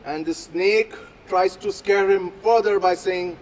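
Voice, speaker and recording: A man telling a folk story aloud at a live event, with slow, deliberate phrasing and dramatic pauses. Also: sits high, darkish tone, rough recording. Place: outdoor public plaza.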